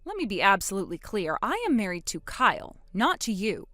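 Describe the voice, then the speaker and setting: A woman narrating a text message story as the wife, trading sharp, sarcastic comebacks. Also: mid-range voice, sing-song, a little fast, no echo.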